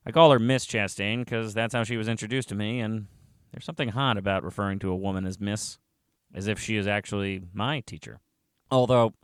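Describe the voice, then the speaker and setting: Male narrator, low-ish, resonant, wry and conversational delivery. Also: smooth, dry recording, studio quality. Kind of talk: scripted first-person story narration.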